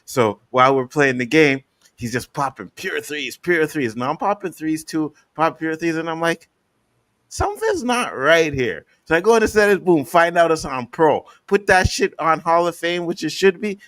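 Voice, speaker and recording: Bright-voiced man telling stories casually. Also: on the high side, normal speed, no room sound. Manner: animated storytelling, acts out quotes. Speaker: podcast co-host. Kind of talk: casual chat.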